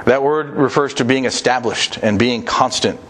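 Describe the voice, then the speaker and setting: Male preacher, middle pitch, earnest exhortation, faint hiss behind. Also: moderate pace, fairly bright tone. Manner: earnest, repetitive exhortation with scripture readings. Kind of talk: sermon.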